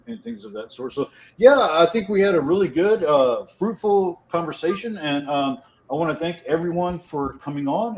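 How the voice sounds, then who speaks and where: A man giving closing thoughts as co-host of a podcast, measured and full of fillers. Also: fairly high pitch, slight background noise, rough recording.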